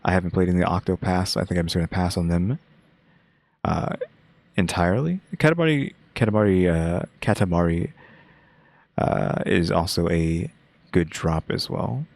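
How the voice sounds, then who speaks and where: A young man hosting his own channel, giving laid-back, monotone reaction commentary. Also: deep voice, normal speed, creaky, long pauses, no echo. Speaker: channel host reacting to a game showcase.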